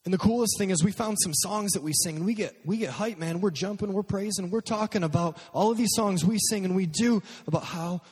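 A man voicing an eager, boastful teenage boy who gushes in a breathless, high-pitched rush. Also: fast, breathy edge, lightly acted. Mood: gushing excited. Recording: long hall reverb.

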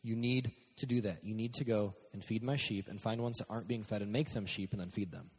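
A man's voice: fairly low pitch, fairly even intonation, brisk, breathy edge. A man voicing Jesus as an urgent, commanding figure who hammers out repeated orders. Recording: long hall reverb.

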